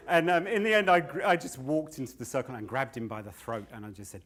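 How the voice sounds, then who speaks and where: A fairly bright, mid-range voice at a moderate pace marks this older comedian. Telling stories in a live standup setting, he's loose, swears freely, and laughs at his own tales a lot.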